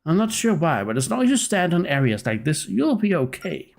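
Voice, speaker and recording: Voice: medium pitch, sing-song, fairly quick, gravelly, darkish tone, faint music behind, voice pushed up. A streamer voicing a cocky, cowardly male ship captain with a smug, wheedling manner. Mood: bossy. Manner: smug, wheedling, talks down to a kid. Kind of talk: voicing game dialogue live.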